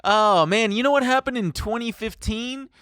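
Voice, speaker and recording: A man's voice: high voice, moderate pace, fairly bright tone, clear, resonant tone, dry recording. A man co-hosting a comedy podcast, ranting sarcastically and profanely into a close mic. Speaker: podcast co-host. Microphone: close studio mic.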